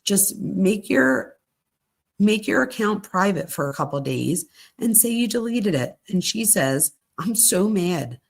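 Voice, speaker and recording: A woman's voice: mid-range voice, lively intonation, unhurried, creaky, husky. A middle-aged woman hosting a true crime show, reading text messages aloud in a conversational way with casual asides. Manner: conversational, reads quoted messages plainly with asides.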